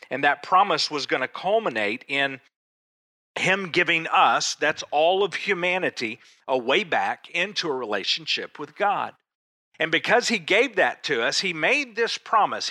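A man preaching a conversational sermon, asking rhetorical questions and pausing for emphasis. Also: on the high side, bright, forceful tone, dry recording. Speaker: pastor.

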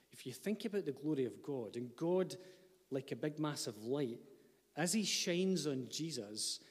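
A man's voice: mid-range voice, in a large hall. A man, preaching a sermon as pastor, earnest, with light asides to the congregation. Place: church hall.

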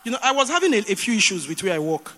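Nigerian woman preacher, bright animated delivery, hall echo, rhetorical questions. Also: medium pitch, racing, faint music behind. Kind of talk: sermon.

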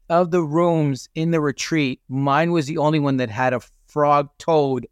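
A man's voice: a little high, fairly even intonation, a little slow, few pauses, clear, resonant tone, no echo, studio quality. A man being interviewed, earnestly recounting a personal experience with many restarts and fillers. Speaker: podcast guest. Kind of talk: conversational storytelling.

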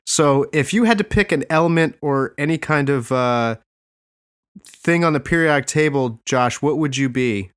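A man hosting a podcast, chatting casually and laughing often, getting animated when he quotes people. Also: medium pitch, normal speed, clear, resonant tone. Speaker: podcast host.

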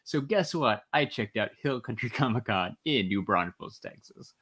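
Man, podcast co-host, bright tense tone, easygoing, laughs a lot. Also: mid-range voice, expressive, moderate pace, slightly rough. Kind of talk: casual chat.

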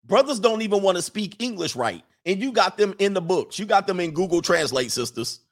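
Streaming with a high-pitched, sing-song voice at a fairly quick clip, this man jokes his way through viewer chats. His commentary is casual and comedic, rambling along and punctuated by laughter and mock voices.

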